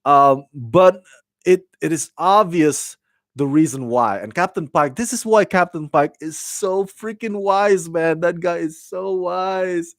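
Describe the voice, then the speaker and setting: A man talks through a TV episode in an unhurried, rambling way, stopping and restarting often and chuckling at his own slips. His voice sits a little high. The recording is dry and close, with no room sound. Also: no room sound. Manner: rambling, animated, many restarts and fillers, laughs at himself. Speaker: TV show reviewer. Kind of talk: casual review chat.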